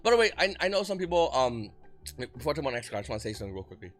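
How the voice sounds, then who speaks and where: A man giving excited, rapid market commentary as host of his channel, often restarting his sentences. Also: mid-range voice, soft background music. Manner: talks fast when excited, frequent restarts. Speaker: trading card market commentator.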